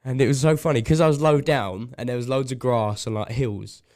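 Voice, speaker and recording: A man co-hosting a podcast, telling a story in a casual, animated way and laughing often. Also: medium pitch, a little fast. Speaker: podcast co-host. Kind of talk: casual chat.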